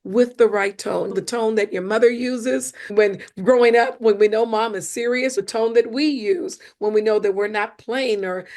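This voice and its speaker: A woman speaker and coach, a guest on a podcast, explaining communication with animated emphasis and acted-out examples. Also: a little high, moderate pace, few pauses.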